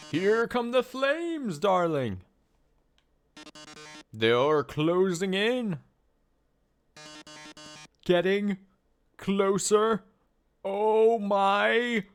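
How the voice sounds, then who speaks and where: A man's voice: high voice, clear, resonant tone, voice pushed up, heavily acted. Man hamming up Mettaton, theatrical robot star. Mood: gloating. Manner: hammy, melodramatic, mock-sorrowful.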